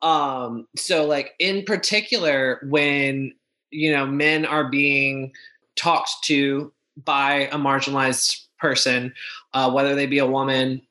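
Bright-voiced, impassioned man talking fast. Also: mid-range voice, fairly even intonation. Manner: impassioned, fast-talking with frequent restarts and fillers. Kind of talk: casual discussion.

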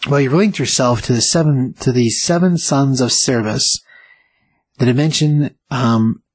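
A man voicing a calm, authoritative sorcerer who is also a surgeon, speaking in a measured, reassuring way. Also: medium pitch, slightly rough, no echo, lightly acted, rough recording. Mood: calm firm.

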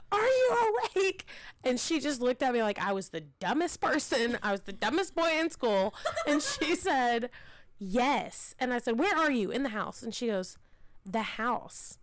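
A woman's voice: a little high, no echo. A woman in her thirties co-hosting a podcast, telling a story and acting out the lines she quotes. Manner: animated, acts out quotes. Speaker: podcast co-host, mother. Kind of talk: casual storytelling chat.

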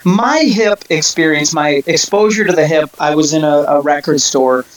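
A man chatting casually about music, telling long stories with many restarts and quick asides. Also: on the high side, rough recording. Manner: rambling storyteller, many restarts. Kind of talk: casual chat.

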